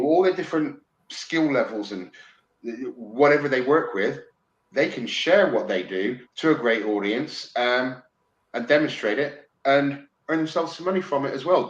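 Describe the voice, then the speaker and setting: A man from England in casual podcast chat, excitable, swearing freely and stumbling over restarts. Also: mid-range voice, muffled recording. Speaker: podcast guest. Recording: roomy with faint noise.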